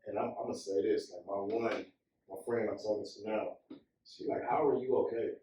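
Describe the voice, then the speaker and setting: A man's voice: on the low side, little pitch movement, brisk, dark tone, a little hiss or hum. A man in a casual group conversation, often chiming in with short affirmations. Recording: echoey room, mic far off.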